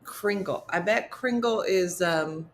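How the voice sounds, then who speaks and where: A woman's voice: on the low side, slow pace. A woman with a New Jersey accent hosting a casual comedy livestream, reading viewer comments and teasing them in playful mock disgust. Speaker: comedy morning show host.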